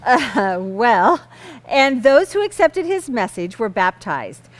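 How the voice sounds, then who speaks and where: Lively, high-voiced woman telling a kids' Bible story. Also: takes it slowly, a little hiss or hum. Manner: patient, gently amused, keeps the story on track. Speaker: kids' lesson host and storyteller. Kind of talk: reading a Bible story to children.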